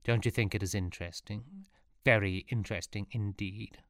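A sneering, sinister Roman villain, gloating and cruel, as a man puts him on. He speaks slowly and drawn out, in a low voice recorded dry and close. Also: a bit bright, dry recording.

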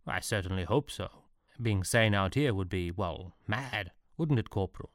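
Man doing a deadpan Prussian officer. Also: low voice, moderate pace, dry recording, studio quality. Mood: wry. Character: eccentric Prussian artillery officer, dry, matter-of-fact.

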